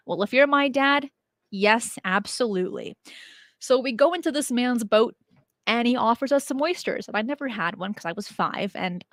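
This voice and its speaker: Answering questions from her viewers, a young woman with a slightly high voice keeps things casual, lively and full of easy laughter. The studio-quality recording has no room sound.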